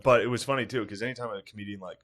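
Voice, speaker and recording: A man with a fairly low voice co-hosts a comedy podcast, rambling through anecdotes with profanity and excited bursts. His talk stays loose and conversational. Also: racing. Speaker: podcast co-host. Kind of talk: casual comedic chat.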